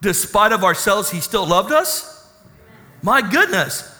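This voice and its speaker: A man's voice: high voice, sing-song, slow, sharp tone, long reverb tail. A man preaching a sermon with emphatic, call-and-response asides to his congregation. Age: 30s. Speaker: pastor.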